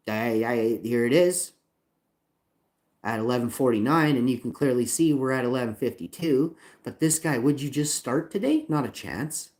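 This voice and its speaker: Angry ranting man, dark voice. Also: mid-range voice, moderate pace. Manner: agitated, profane, repeats himself, reads chat lines aloud. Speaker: channel owner livestreaming a complaint. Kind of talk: angry livestream rant.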